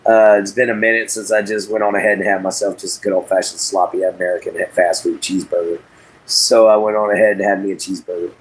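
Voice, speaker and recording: A man's voice: sits low, flat delivery, quick pace, husky, rough recording. A man hosting a casual livestream from inside an RV, talking to his chat in a folksy, drawling way. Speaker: livestream host.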